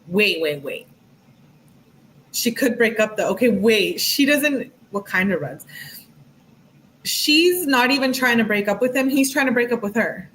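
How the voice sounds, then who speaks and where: A woman's voice: mid-range voice, lively intonation, moderate pace, a bit bright, a little hiss or hum, poor audio. A woman giving casual true crime commentary, reading text messages aloud and breaking off with chatty asides. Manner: chatty, reads texts aloud with frequent asides.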